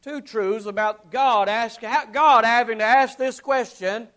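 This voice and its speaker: A man preaching a sermon, swinging from loud ringing calls to hushed low murmurs, with drawn-out emphatic repetition. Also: steady tone. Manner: slow, drawn-out emphatic delivery with repeated phrases.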